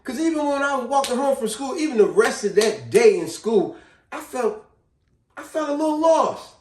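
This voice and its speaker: A man vlogging, telling a personal story in a casual, slangy, animated way. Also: extremely high pitch, normal speed, a little hiss or hum. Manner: animated, slangy, repeats himself. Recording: echoey room, distant mic.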